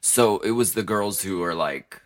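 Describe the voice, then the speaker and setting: A man co-hosting a podcast, animated and quick to exclaim. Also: sits low. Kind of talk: casual chat.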